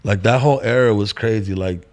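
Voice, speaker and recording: A man's voice: fairly low pitch, fairly quick. A man from California's San Fernando Valley chatting casually, easygoing, filling his talk with "like" and "bro". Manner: flat, easygoing, frequent "like" and "bro". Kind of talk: casual chat.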